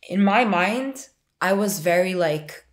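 A woman's voice: lowish voice, animated, takes it slowly. A woman in her twenties telling a personal story in a frank, rambling, conversational way. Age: 20s. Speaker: interviewee sharing a personal story.

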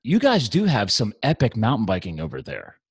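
A man's voice: fairly low pitch, huge pitch swings, a little fast, breathy edge, dry recording. A man hosting a podcast, chatting with a guest in an enthusiastic, rambling way. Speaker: podcast host. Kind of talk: casual interview chat.

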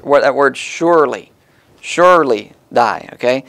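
A man's voice: a little high, lively intonation, normal speed, fairly bright tone. A man preaching a sermon in a folksy, conversational way, stressing key words as he explains the text.

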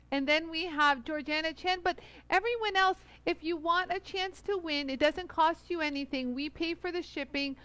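A woman's voice: high-pitched, a bit bright. A woman hosting a live jewelry-tool stream, chatting casually and greeting viewers one by one in an effusive way. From Los Angeles area. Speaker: livestream host demonstrating jewelry tools. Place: studio bench under bright lights.

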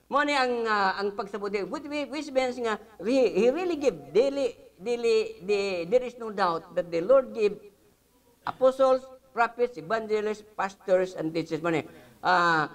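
High-voiced man teaching the Bible. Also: expressive, unhurried, a bit bright. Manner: mixes English with Cebuano, many hesitant fillers, emphatic scripture reading.

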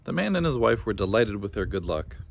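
A man's voice: on the low side, big pitch swings, a little fast, vocal fry. A man reading a children's story aloud as storyteller, adding casual asides.

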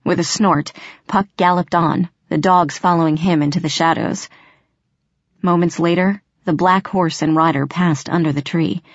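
Woman reading an audiobook, lowish voice, dry dull recording, dramatic. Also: dry recording. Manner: dramatic, expressive first-person reading. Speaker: audiobook narrator. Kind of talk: first-person audiobook narration.

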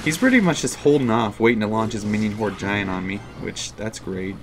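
A man's voice: on the low side, animated, a little fast, background noise. Frustrated young man commentating a mobile game. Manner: frustrated, self-mocking, swings to loud outbursts. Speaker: gaming YouTuber.

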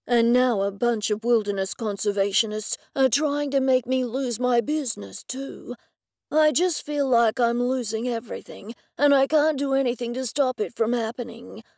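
Woman doing a grieving businessman, slow, heavy, aggrieved, low gravelly tone. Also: a little mellow, no room sound, studio quality. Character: grieving, frustrated male businessman widower.

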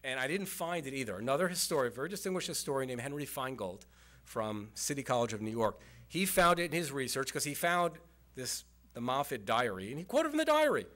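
Male historian, public lecture, conversational explainer, mid-pitched voice. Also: sing-song, fairly quick, fairly bright tone. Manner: conversational, explanatory, with fillers and asides. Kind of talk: lecture with slides. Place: community center presentation.

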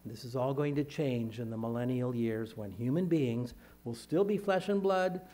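A pastor with a mellow, mid-range voice gives his sermon in steady, measured phrases. When he turns to reading scripture, his voice lifts.

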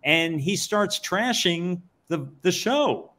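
A man's voice: high voice, expressive, slow, pushed and bright. A man hosting a live-stream interview who asks questions with many fillers and laughs along. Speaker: host.

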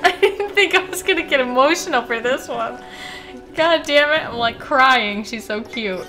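Gushing woman reactor, bright high voice, swears freely, slow drawn-out delivery. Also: soft background music. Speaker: video reactor. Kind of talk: reaction commentary.

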